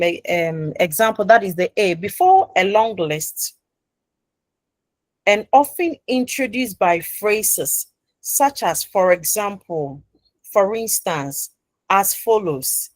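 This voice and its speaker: A woman's voice: mid-range voice, no echo, poor audio. Woman lecturing a class. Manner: leaves sentences open with "what?" for the class to finish; repeats and rephrases points, checking the class follows. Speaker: university lecturer.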